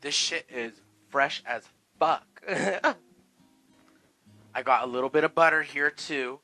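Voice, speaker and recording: A bright, forward-sounding man chats sassily through a home cooking vlog. He swears freely and keeps calling his viewers "girl" and "honey". Faint music sits behind his voice in the kitchen. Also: a little high, slow pace, low-quality recording. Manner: sassy, profane, talks to viewers as "girl" and "honey". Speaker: cooking vlogger.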